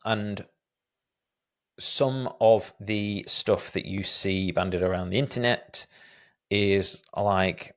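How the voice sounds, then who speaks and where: A man's voice: on the low side, slow pace. A man in his thirties hosting a solo podcast, answering listener questions in a reflective, hesitant way with many fillers and restarts. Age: 30s. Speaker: podcast host.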